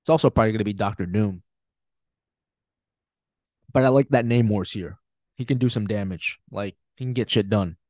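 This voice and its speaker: A man's voice: lowish voice, moderate pace, long pauses, a little mellow, no echo, clean studio sound. A man hosting a podcast, giving a casual, emphatic film review with frequent swearing and laughter. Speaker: podcast host.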